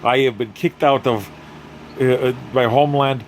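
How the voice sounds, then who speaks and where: A gruff, proud former spy in a heavy mock-Russian accent, as a man puts him on. He talks in stiff, broken English, and the voice sits deeper than the performer's own, with a faint hum of air conditioning behind it. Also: fairly even intonation, normal speed, close to an everyday voice. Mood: wounded pride. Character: gruff bitter former male spy, middle-aged, proud.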